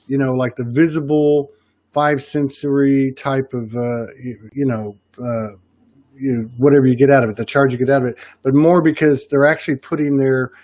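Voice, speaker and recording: A man's voice: mid-range voice, steady tone, moderate pace, a little mellow, dry recording. Rambling Southern man, dry sound. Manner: rambling, many restarts. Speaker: podcast host. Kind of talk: casual chat.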